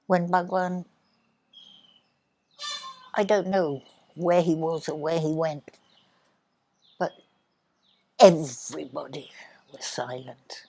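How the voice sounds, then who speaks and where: An older woman telling childhood stories in an interview, speaking softly and sometimes dropping to a near whisper. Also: lowish voice, animated, creaky. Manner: soft, unhurried, drops to a near whisper. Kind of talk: reminiscing storytelling.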